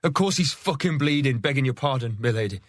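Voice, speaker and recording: A man voicing an angry, coarse male man-at-arms who shouts in exasperation in an audiobook. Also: mid-range voice, animated, fast, dry recording, studio quality, voice pushed up, close to an everyday voice. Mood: exasperated shouting.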